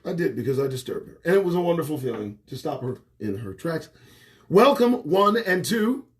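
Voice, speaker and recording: Animated profane man ranting on livestream. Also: on the high side, fairly quick, background noise. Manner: animated, swearing, swings between loud outbursts and muttered asides. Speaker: host. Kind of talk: profane political rant to camera. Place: small indoor home set. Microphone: phone or webcam livestream.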